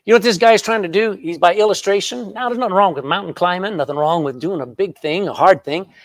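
A man preaching a sermon as pastor, emphatic and animated, often turning to the congregation with questions. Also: high-pitched, quick pace, no room sound.

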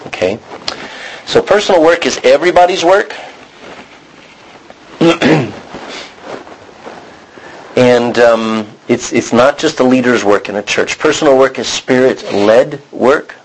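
A man delivers a sermon in a rambling, personal storytelling way. His voice is a little husky at a middling pitch. He often breaks off, restarts, and quotes his own past words as he goes. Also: expressive, slow, long pauses, low-quality recording. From Texas. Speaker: preacher.

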